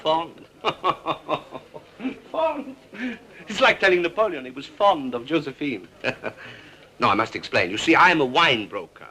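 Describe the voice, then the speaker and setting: An actor with a French accent playing a jovial, exuberant wine broker and mayor in a 1960s TV drama. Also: male voice, medium pitch, expressive, fairly quick, pushed and bright. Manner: exuberant, theatrical, laughs often.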